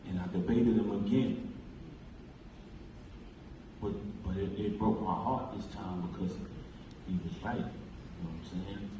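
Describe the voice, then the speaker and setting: A man's voice: low voice, unhurried, pauses often. A man giving an impassioned, emphatic eulogy at a memorial, recounting talks with his late friend, speaking in a large theater hall. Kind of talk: memorial speech. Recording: echoey hall, distant pickup, faint noise.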